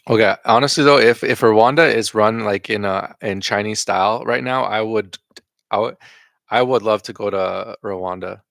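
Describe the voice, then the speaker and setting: A man's voice: lowish voice, normal speed, gravelly, fairly bright tone, dry recording, studio quality. A man hosting reaction commentary, answering clips with profane, sarcastic rebuttals.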